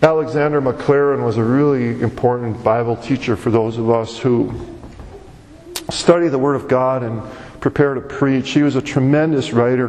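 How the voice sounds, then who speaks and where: A man's voice: medium pitch, darkish tone. A man preaching a sermon as pastor, with an emphatic, repetitive cadence. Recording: long hall reverb.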